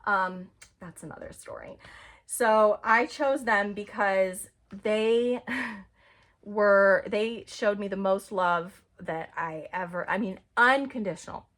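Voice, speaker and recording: A woman vlogging in a casual, rambling monologue about spirituality. She is chatty and animated, and sometimes drops to a near-whisper. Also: medium pitch, slow.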